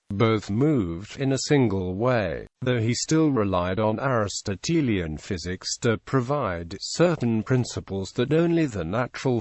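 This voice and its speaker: A man reading an encyclopedia article aloud in a flat, evenly paced way, stumbling through foreign names. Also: medium pitch, no echo.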